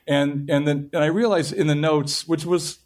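A man's voice: a little high, fairly even intonation, moderate pace, darkish tone. A middle-aged man, a television writer, telling a long story at a panel interview and often restarting his sentences. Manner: rambling storytelling with frequent restarts. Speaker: television writer and show creator.

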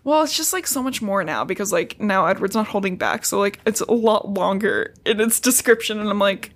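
A woman recapping a book on a podcast, sarcastic and profane, quickly acting out characters' lines. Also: mid-range voice. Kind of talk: casual podcast chat, retelling a book with sarcastic asides.

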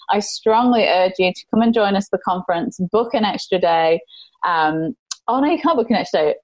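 A woman's voice: medium pitch, a little mellow, no echo, low-quality recording. A woman hosting a faith-based business podcast, gushing and emotional as she introduces her guest. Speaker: podcast host.

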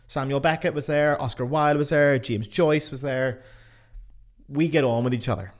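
A man's voice: on the high side, fairly even intonation, normal speed. Blunt, sweary Northern Irish man. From Northern Ireland. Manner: blunt, sweary and self-mocking. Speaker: podcast host. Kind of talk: casual podcast monologue.

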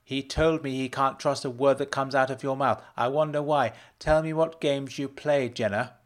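A man's voice: medium pitch, fairly even intonation, moderate pace, pitched above the performer's own voice, close to an everyday voice. A man reading a story aloud, voicing a married woman who snaps angry accusations at her husband and his friend. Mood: furious. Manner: accusing, snapping, loud. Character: middle-aged wife, furious, accusing, sharp-tongued.

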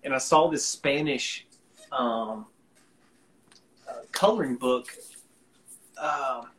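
A man with a soft Alabama drawl tells a casual story on a live stream. He is relaxed and rambling, with plenty of ums and restarts. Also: medium pitch, takes it slowly, slight background noise, low-quality recording. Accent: Alabama Southern US. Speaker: guest musician.

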